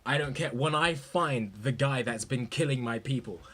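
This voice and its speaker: Stern robot commander, gruff and threatening, a man putting it on, husky edge. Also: medium pitch, moderate pace, fairly bright tone, voice pushed down, lightly acted. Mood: menacing. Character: stern giant male robot leader, vengeful.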